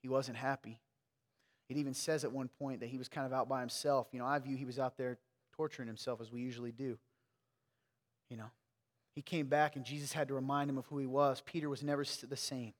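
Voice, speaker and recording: A man preaching a casual, conversational sermon, swinging between quiet asides and loud emphatic peaks. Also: mid-range voice, fairly even intonation, brisk, in a large hall. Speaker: pastor.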